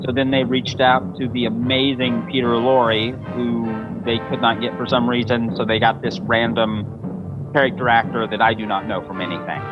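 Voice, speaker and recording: Brief: casual male podcast host, enthusiastic film commentary, dull muffled sound. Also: mid-range voice. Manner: chatty, profane, enthusiastic.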